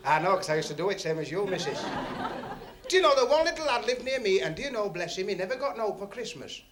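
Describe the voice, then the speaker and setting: Male club comic, high and animated, teasing the crowd; old recording with a roaring audience and hiss. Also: quick pace. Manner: chatty, teasing the audience, broad dialect storytelling. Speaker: stand-up comedian. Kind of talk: club stand-up routine.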